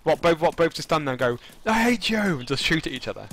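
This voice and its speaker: Excitable young man, slightly high voice. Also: quick pace, slight background noise. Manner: excitable, swears, laughs often. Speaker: gaming streamer. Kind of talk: casual gameplay chat.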